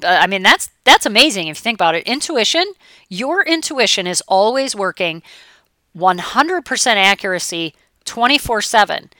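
A middle-aged woman coach giving a chatty, animated motivational talk, now and then acting out her clients' voices. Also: medium pitch, normal speed, dry recording, studio quality.

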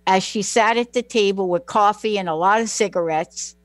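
A woman with a Southern US accent hosting talk radio, rambling warmly through stories and catching herself mid-sentence. Her voice is dry and close on the mic, with no room sound around it. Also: mid-range voice, moderate pace, dry recording. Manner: chatty, animated storyteller with self-interruptions. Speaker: radio show host. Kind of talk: casual talk radio monologue. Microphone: studio microphone, close.

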